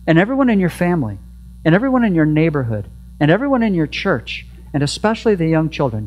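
Male pastor, fairly high voice, chatty sermon delivery with faint mains hum. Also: big pitch swings, fast talker. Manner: conversational preaching with rhetorical questions; repeats a prayer refrain softly. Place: church sanctuary.

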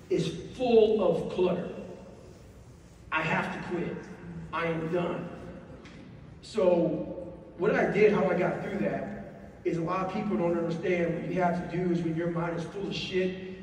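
A man telling a story on stage in a blunt, profane, animated way, heard in a large hall. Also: high voice. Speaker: speaker. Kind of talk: live storytelling talk. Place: large hall before an audience. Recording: echoey hall from far off, faint noise.

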